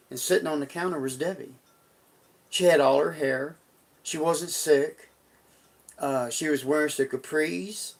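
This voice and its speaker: A man's voice: a little high, creaky. A middle-aged man on a live stream, telling a personal story in a folksy, rambling way with frequent restarts.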